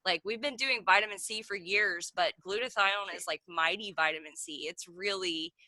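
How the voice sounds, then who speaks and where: Speaking at normal speed in a sharp, mid-range voice, a woman in her thirties tells a rambling story as a meeting participant in a casual video call. Every gap gets a "like," and the video call mic sound is dry.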